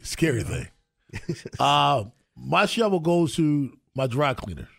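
A man's voice: on the high side, sing-song, slow pace, creaky, very noisy. A male radio morning show host, telling a story with mock exasperation in casual banter.

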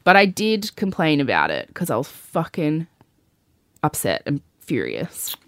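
A woman's voice: sits low, huge pitch swings, measured pace, dry recording, studio quality. A woman hosting a podcast, telling a personal story in chatty talk full of "like" and the odd swear word. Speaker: podcast host. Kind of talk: personal storytelling in casual chat.

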